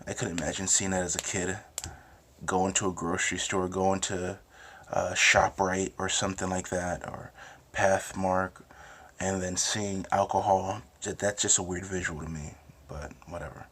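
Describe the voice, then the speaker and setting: A man's voice: low-pitched, little pitch movement, normal speed, fairly bright tone. A young man from New Jersey with a Jersey accent, hosting a casual, rambling monologue full of swearing and restarts. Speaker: host.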